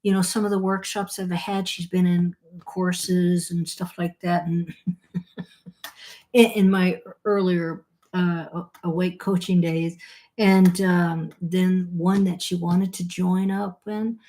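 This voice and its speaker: A woman's voice: on the low side, little pitch movement, slow, dark tone. A woman co-hosting a podcast over a call, telling rambling stories in casual chat and swearing freely. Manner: candid, rambling storyteller who swears freely. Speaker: podcast co-host. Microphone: phone or call audio.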